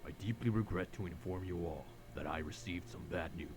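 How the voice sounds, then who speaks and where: A man's voice: low-pitched, fairly quick, noisy background, pitched below the performer's own voice, natural voice. A man voicing a furious, grandiose male villain, reading a menacing declaration of war as a theatrical monologue. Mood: grandiose rant. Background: music.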